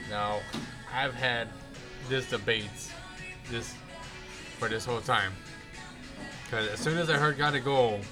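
A man co-hosting a casual chat in a restaurant, talking with fan-like enthusiasm and laughing often. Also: mid-range voice. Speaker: podcast co-host.

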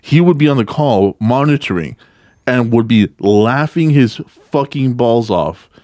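A man swaps stories in casual chat, cursing freely and getting animated. When he replays phone calls he throws his voice loud and high. His voice sits in the middle range and is recorded close and dry. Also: measured pace, no room sound. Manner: animated, profane, swings into loud hyped-up voices in retold calls.

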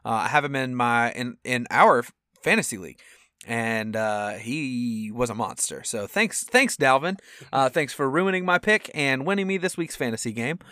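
A young man co-hosting a football podcast in casual chat, animated and acting out quotes with sudden loud outbursts. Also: mid-range voice, normal speed, dry recording, studio quality. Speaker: podcast co-host.

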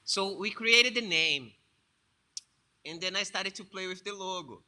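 A man, a jiu-jitsu instructor and English speaker, telling his own story in a halting way, often repeating words. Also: sits high, lively intonation, sharp tone. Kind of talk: casual personal storytelling.

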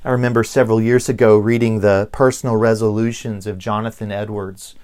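A middle-aged man with a Southern US accent, preaching a sermon as pastor, slow and deliberate with emphatic pauses. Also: fairly low pitch, level tone, darkish tone, clear, resonant tone. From Southern United States.

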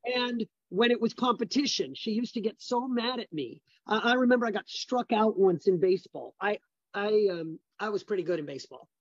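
A man's voice: high voice, moderate pace, no echo, lo-fi sound. A middle-aged man, a business founder, telling personal stories as an interview guest, stressing points by repeating words.

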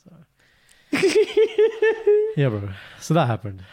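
A man co-hosting a podcast, telling a story in a casual, animated way and jumping into high, exaggerated voices. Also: slow pace. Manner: animated storytelling, breaks into high mock greetings. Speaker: podcast co-host. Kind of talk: casual chat.

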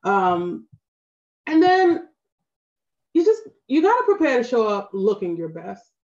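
A woman with a Baltimore accent talks through practical advice in a relaxed podcast chat. She is earnest and keeps checking in with her listener. The recording sounds a little dull and lo-fi. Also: fairly high pitch, unhurried. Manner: earnest, advice-giving, frequent "right?" asides. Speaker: photographer guest. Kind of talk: casual podcast interview.

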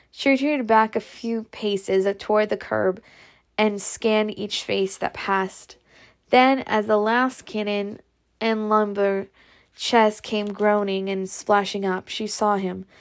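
A woman reading a classic novel aloud as amateur audiobook narration, steady with occasional slips. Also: mid-range voice. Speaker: audiobook reader.

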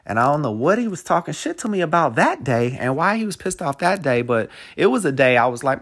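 A man tells a story from his own life in a relaxed, unscripted podcast monologue. He swears freely and keeps dropping in casual fillers as he goes. At times he slows down to reflect and turns the story into a life lesson. His pitch sits in an ordinary middle range. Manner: profane, loose and conversational, full of "man" and "you know". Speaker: podcast host.

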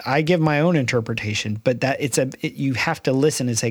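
A man's voice: mid-range voice, husky, dry recording. Middle-aged man, dry close sound. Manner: halting, many restarts. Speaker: podcast co-host. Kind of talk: casual faith discussion.

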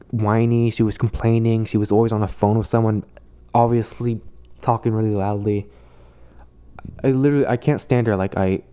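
Young male vlogger, mellow and low-pitched, halting delivery, drained and resentful. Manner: halting, full of restarts and "like" fillers; weary and resentful. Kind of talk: casual venting monologue.

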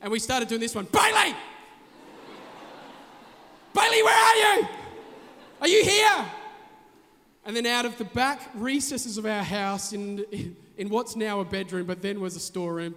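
Male pastor, high-pitched, lively storyteller, long church reverb. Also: a little fast, hardly any pauses. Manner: storytelling, animated, shouts names. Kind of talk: sermon.

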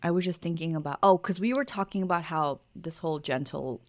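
A woman co-hosting a podcast, telling a parenting story in a reflective, soft-spoken way. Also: on the low side, a little fast. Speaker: podcast co-host. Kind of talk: casual conversation.

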